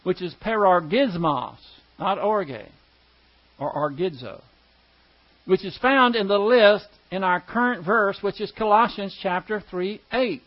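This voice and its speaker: A man's voice: high-pitched, lively intonation, a little slow, lo-fi sound. A man teaching a Bible class verse by verse, explaining Greek grammar step by step and asking the class questions.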